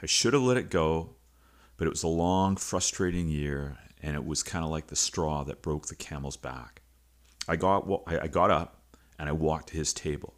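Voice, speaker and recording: A middle-aged man, a teacher and coach, hosting a podcast and telling a personal story in an earnest, confessional way. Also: low voice.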